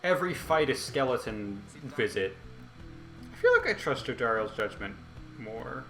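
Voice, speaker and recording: A man giving chatty, excitable gameplay commentary as a channel host. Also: mid-range voice, normal speed. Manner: chatty, excitable, laughs a lot. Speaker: let's play host. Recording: roomy echo, faint game music.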